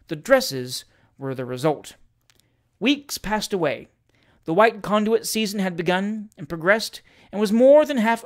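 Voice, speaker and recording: A reader narrating a comic classic story aloud. The delivery is lively and theatrical, with a dramatic sense of timing. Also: medium pitch. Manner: lively, theatrical narration with shouted character lines.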